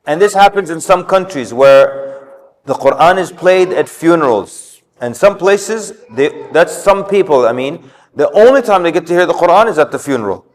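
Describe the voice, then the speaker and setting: A man's voice: a little high, lively intonation, moderate pace. A man giving an informal religious talk on parenting, telling stories and acting out what people said. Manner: storytelling, acts out quotes. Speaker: community speaker. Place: mosque hall. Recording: long hall reverb.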